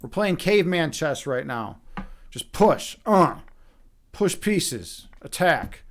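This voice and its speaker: Talking to chat mid-game, this young man from Chicago narrates his chess live in a Chicago accent, cursing liberally as he reads messages. He's animated, and his voice sits on the high side while he takes things slowly.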